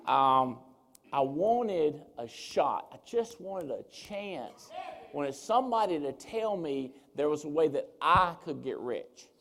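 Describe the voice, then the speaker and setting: A man giving a seminar talk as a speaker, telling his story with lively, animated swings as he acts out what people said. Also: fairly high pitch, takes it slowly. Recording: reverberant hall.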